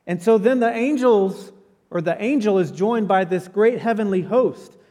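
A pastor giving a sermon in a church, telling the story in a conversational, animated way with casual asides. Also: male voice, high voice, moderate pace, long reverb tail. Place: church sanctuary.

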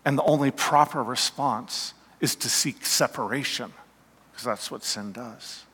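A man preaching a sermon slowly and emphatically, his voice falling to a hush at key points, in a church. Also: medium pitch, husky. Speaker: pastor. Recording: long reverb of a hall.

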